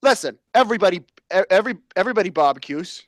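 A man playing a defensive barbecue fanatic who blusters and stammers through excuses in a high, bright voice. He swears freely. The sound is dry and close. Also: expressive, racing, dry recording. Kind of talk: improv comedy sketch.

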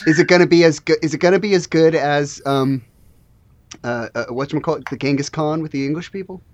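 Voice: medium pitch, fairly quick, highs cut off. A game master running a tabletop game, chatting casually and joking between mission briefings. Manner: joking, rambling with restarts.

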